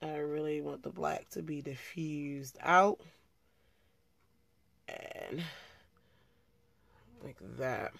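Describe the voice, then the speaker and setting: This young beauty vlogger has a low-pitched, gravelly, slightly bright voice and speaks very slowly, pausing often. She chats casually while doing her makeup tutorial, frequently correcting herself as she works.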